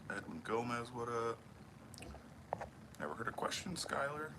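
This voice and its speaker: A man's voice: medium pitch, expressive, moderate pace. Chill cussing dude at his workbench livestreaming, bouncy up-and-down voice, noisy shop sound. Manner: profane, laid-back, mumbles while working. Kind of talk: casual livestream chat with viewers. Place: home workshop. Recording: noisy workshop livestream audio.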